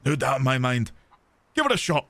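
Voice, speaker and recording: A man doing a confident, friendly game character, put-on Scottish accent, persuasive, encouraging, mid-pitched voice. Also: big pitch swings, brisk, pushed and bright, a little hiss or hum. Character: confident, friendly man sending the hero across a gorge. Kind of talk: reading game dialogue aloud.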